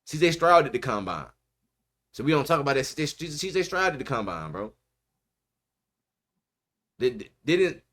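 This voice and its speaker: A man's voice: mid-range voice, big pitch swings, a little slow, long pauses, a bit bright. A man hosting a podcast in casual sports chat, emphatic and repetitive, dropping "bro" often. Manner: emphatic, repeats himself, says bro a lot. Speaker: podcast host.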